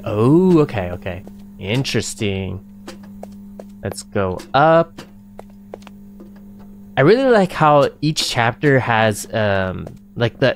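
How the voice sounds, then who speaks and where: A man giving live gameplay commentary as a streamer, excitable and panicky, laughing often. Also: fairly low pitch. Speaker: game streamer.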